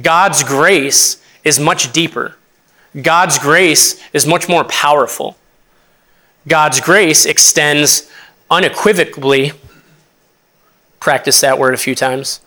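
A young man, an associate pastor, preaching a sermon in an earnest, halting way with many restarts. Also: fairly high pitch, sharp tone.

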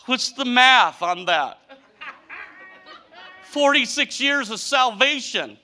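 Fifties male pastor; very animated pitch, folksy, comic whining delivery. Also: unhurried. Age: 50s. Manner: animated, mock-whining storytelling with a folksy drawl. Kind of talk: humorous sermon.

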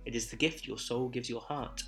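A man voicing a cheerful, trilling ghost in a storybook reading, speaking gently and solemnly. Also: medium pitch, fairly even intonation, normal speed, soft background music, lightly acted.

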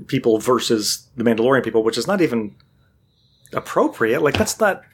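Animated man telling a story. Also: mid-range voice, fairly quick, breathy edge. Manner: animated storyteller, acts out quotes. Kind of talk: casual chat.

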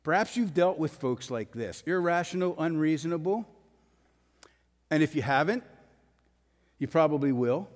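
Emphatic pastor in a reverberant hall. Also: male voice, a little high, lively intonation, moderate pace, long pauses. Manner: blunt, emphatic, rising to forceful peaks. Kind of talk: sermon.

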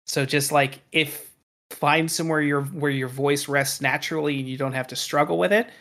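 A man's voice: on the high side, steady tone, moderate pace, bright, forceful tone. A man in casual podcast chat, rambling with lots of fillers and casual swearing.

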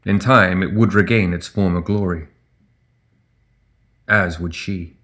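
A man narrating a fantasy audiobook in a steady, measured way. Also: low voice.

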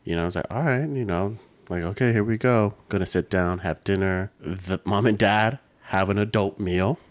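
A man's voice: lowish voice, normal speed. A man casually recapping a movie with friends, swearing freely and acting out lines. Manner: profane, animated retelling with quoted lines. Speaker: podcast co-host.

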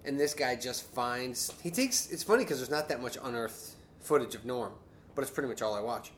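Male co-host, mid-pitched, laughing and self-mocking, garage with a faint hum of noise. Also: animated, brisk. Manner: laughing, self-deprecating banter. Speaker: podcast co-host. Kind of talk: casual chat. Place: home garage.

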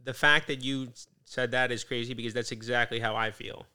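A male podcast host in relaxed, casual conversation, his voice bright and clear. He laughs easily and keeps the talk going with questions. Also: medium pitch, a little fast. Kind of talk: casual chat.

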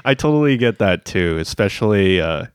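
A man hosting a podcast in casual chat, relaxed and laughing often, repeating words as he starts his sentences. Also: fairly low pitch, moderate pace, clear, resonant tone, no echo, studio quality. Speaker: podcast host.

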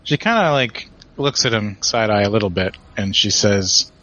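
A man's voice: lowish voice, animated, normal speed, pushed and bright. A man playing a tabletop game, casually narrating what his character does, with many fillers. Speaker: player. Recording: dull lo-fi podcast audio.

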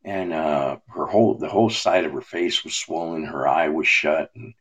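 Deep husky guy telling a personal story, lots of fillers and restarts. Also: normal speed, fairly bright tone. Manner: rambling, with many fillers and restarts. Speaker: guest sharing a personal testimony.

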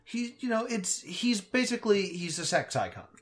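A podcast co-host chatting casually, ranting in an exasperated, animated way and laughing between points. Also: medium pitch, moderate pace. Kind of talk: casual chat.

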